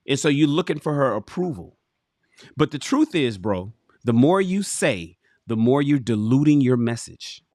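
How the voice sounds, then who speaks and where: Man, livestream host, casual book reading, animated, swearing asides, lively voice, dry sound. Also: mid-range voice, no echo. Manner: animated, swearing, addresses viewers as fellas and bro. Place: home.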